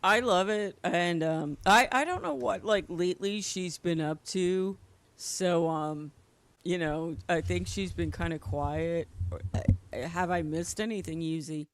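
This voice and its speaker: A woman's voice: lowish voice, a little slow. A woman hosting a casual podcast chat show, talking freely and laughing often.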